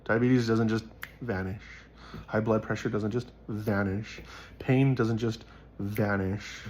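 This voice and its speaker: A man's voice: on the low side, steady tone, slow, darkish tone, a little hiss or hum. A man speaking to his viewers in a casual, earnest monologue, rambling with many fillers as he talks about his faith. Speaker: faith vlogger.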